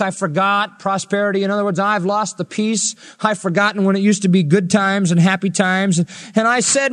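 A man preaching a sermon, slowing right down to read scripture and swinging his voice up high to stress a point. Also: steady tone, a bit bright.

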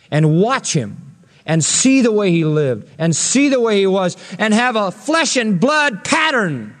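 In a large hall, a male pastor with a high-sitting voice preaches an expository sermon. He is earnest, climbing to emphatic peaks when he quotes scripture.

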